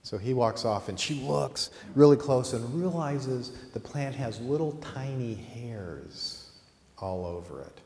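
A man teaching at a college, telling a story in a lively way and acting out the characters. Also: mid-range voice, slow, roomy sound, big-room sound, slight background noise. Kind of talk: storytelling during a lecture.

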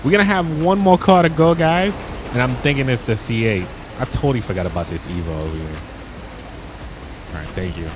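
A young man telling stories in a casual, slangy way while commenting on his gameplay, getting excited as he talks. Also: mid-range voice, brisk, noisy background. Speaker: gaming YouTuber.

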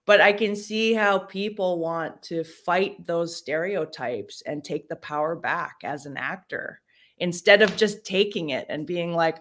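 A woman's voice: lowish voice, measured pace, fairly bright tone. A woman actress chatting casually as an interview guest over a livestream video call, loose and full of fillers.

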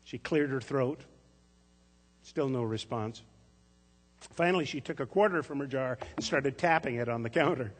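Husky-voiced pastor preaching a sermon. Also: male voice, medium pitch. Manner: storytelling, gentle and measured. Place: church sanctuary. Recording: echoey church sanctuary.

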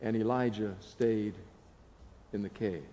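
A male pastor giving a sermon, telling the story dramatically with hushed pauses. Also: fairly low pitch, fairly even intonation. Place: church sanctuary. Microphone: live broadcast mic. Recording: long church reverb.

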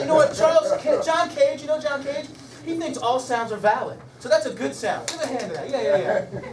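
A middle-aged man, a musician and guest speaker, tells a personal story in a lively lecture, swinging between loud excitement and hushed emotion. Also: extremely high pitch, moderate pace. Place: lecture hall. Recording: echoey hall from far off, noisy.

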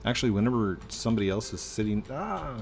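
A man hosting a gaming video, playing along with jokey, excitable commentary and sudden exclamations. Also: lowish voice, fast, gravelly. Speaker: gaming channel host.

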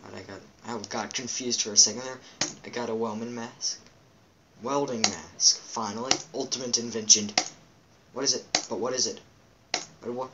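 A man's voice: medium pitch, fairly even intonation, normal speed, long pauses, highs cut off, heavy background noise. A man hosting a let's play, reading game captions aloud with goofy asides and playful quack and meow noises. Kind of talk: casual game commentary.

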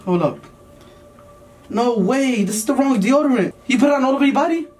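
A young man in his twenties hosts a casual prank vlog at home, teasing and excitable in his delivery. He sounds a little away from the mic, with faint music underneath. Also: extremely high pitch, a little fast, distant mic. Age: 20s. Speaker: vlogger pranking children.

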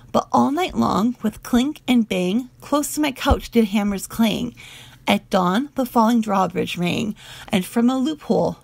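A woman's voice: on the high side, gravelly, darkish tone, dry recording. A woman reading the lines of an earnest young male squire reporting to his lord.

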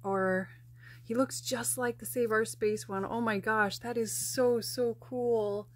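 A young woman from the United States hosting an unboxing vlog, gushing and excitable, with frequent restarts and gasps. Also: on the high side, slow pace. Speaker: plush collector and vlogger.

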